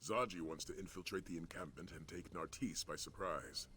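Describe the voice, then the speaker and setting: Calm formal warrior in a game, really low voice, some hiss behind. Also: male voice. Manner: measured, formal. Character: calm, steady male warrior companion.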